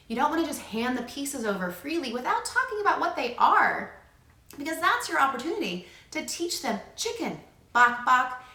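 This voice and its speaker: A woman speech-language pathologist explaining to parents how to use puzzles in play, breaking into animated sing-song animal sounds as she models them. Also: a little high, echoey room. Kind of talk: demonstrating play strategies to parents.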